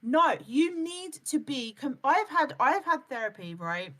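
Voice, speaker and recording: A woman's voice: sits high, big pitch swings, unhurried, fairly bright tone. A woman streaming live, lecturing bluntly and swearing freely, and mimicking other people's words as she goes. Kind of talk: heated live-stream chat.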